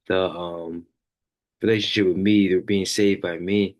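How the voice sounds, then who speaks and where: A man with a deep, low voice hosts a faith podcast and tells a personal story. He rambles casually, leaning hard on fillers. He stays earnest and open the whole way through. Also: flat delivery, normal speed, lo-fi sound. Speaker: podcast host.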